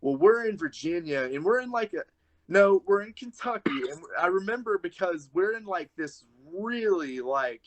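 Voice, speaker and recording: A man's voice: high-pitched, big pitch swings, moderate pace, vocal fry, slight background noise. A young man, a wrestler guest, chatting casually on a podcast and telling a rambling story full of "like"s.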